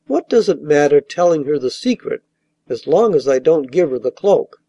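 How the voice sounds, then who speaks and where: A man's voice: on the high side, lively intonation, moderate pace, dark tone, dry recording, lo-fi sound. Man reading an earnest, trusting young soldier.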